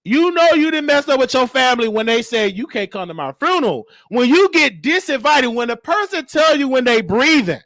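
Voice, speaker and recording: High bright-voiced guy, telling wild family stories, dry close mic. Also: a little fast, hardly any pauses, dry recording. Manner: animated, acts out quotes, frequent laughter. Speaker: host. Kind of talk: storytelling monologue.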